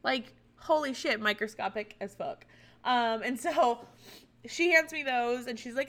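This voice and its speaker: A woman with a bright, forceful voice tells a personal story in a loose, casual way. She is candid and chatty, swears freely and laughs often. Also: a little high, moderate pace. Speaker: vlogger recounting a personal experience.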